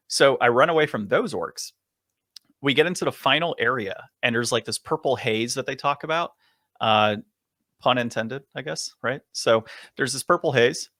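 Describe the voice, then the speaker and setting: A man co-hosting a podcast, telling a long story in a casual, animated way and chuckling often. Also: mid-range voice, dry recording, studio quality. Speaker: podcast co-host.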